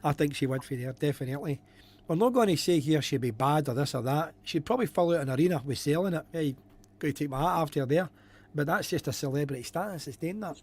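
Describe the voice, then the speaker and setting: A man's voice: fairly high pitch, quick pace, darkish tone, husky. A man co-hosting a live stream, chatting casually, repeating himself and reading out viewer comments. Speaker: podcast co-host.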